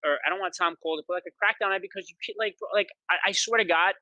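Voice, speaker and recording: A man, a pro paintball player, chatting as a guest in an interview, telling boastful stories quickly and excitedly, with lots of "like". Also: sits high, no echo, dull audio. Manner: rapid, excited storytelling with many "like"s; boastful, trash-talking attitude. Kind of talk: animated interview chat.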